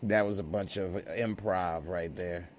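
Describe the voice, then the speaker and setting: Chill guy hosting a live review stream, slow and easygoing. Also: low voice, steady tone, a little hiss or hum. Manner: laid-back slang, laughing. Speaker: TV show reviewer. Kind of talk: casual live-stream chat.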